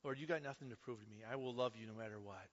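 A man's voice: medium pitch, rapid-fire. Impassioned preacher man in a big reverberant hall. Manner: impassioned, swinging from loud to hushed. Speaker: pastor. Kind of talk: sermon. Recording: reverberant hall, dull lo-fi sound.

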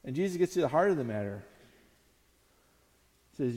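A man's voice: mid-range voice, big pitch swings, brisk, a little mellow, big-room sound. A man preaching a sermon in a conversational, storytelling way, acting out the quotes he tells. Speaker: pastor.

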